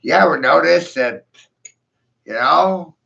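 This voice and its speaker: A man's voice: fairly high pitch, lively intonation, takes it slowly, gravelly, background noise. A man in a profane, mocking rant, taunting his listeners and breaking into scornful laughs. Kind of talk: ranting monologue. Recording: dull lo-fi recording.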